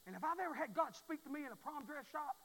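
High, bright Southern preacher man. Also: lively intonation, fast talker, poor audio. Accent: Southern US (Mississippi). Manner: folksy, emphatic, repeats phrases, swings from hushed to near shouting. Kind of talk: sermon.

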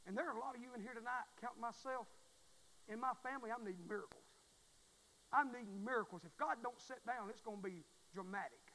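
A Southern US preacher man in his forties delivering a folksy sermon in a high voice. His tone is bright and forceful, and he repeats his points as he swings from quiet asides to near shouting. A faint hum of room ambience sits behind him. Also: fast talker, rough recording. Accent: Southern US (Mississippi).

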